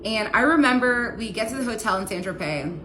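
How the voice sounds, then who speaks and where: A woman's voice: a little high, animated, brisk, noisy background. A young woman casually telling a personal story, peppering her speech with "like" as she talks. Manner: casual, heavy use of "like" fillers.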